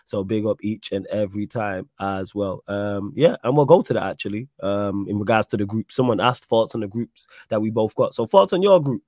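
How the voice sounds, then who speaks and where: Low-voiced man hosting a stream. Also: brisk, hardly any pauses, darkish tone, no echo, clean studio sound. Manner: chatty, reads out viewer messages. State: slight cough. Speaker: stream host. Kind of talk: casual live-stream chat.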